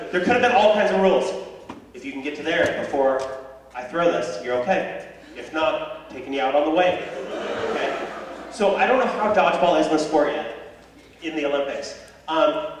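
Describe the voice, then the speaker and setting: A young man doing a stand-up comedy set, telling stories in an animated way and yelling some lines in a high voice. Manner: animated storytelling with high yelled voices for characters. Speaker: stand-up comedian and high school tennis coach. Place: high school auditorium with live audience. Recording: echoey hall, distant mic, audience noise.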